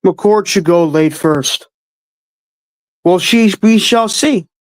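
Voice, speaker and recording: A man's voice: high voice, takes it slowly, no room sound. A man hosting a livestream, answering chat questions with blunt, offhand opinions and casual swearing. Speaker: host answering live chat.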